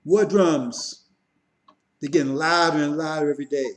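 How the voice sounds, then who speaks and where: A man's voice: on the high side, expressive, normal speed, low-quality recording. A man giving a mocking, emphatic religious critique monologue. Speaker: religious commentator.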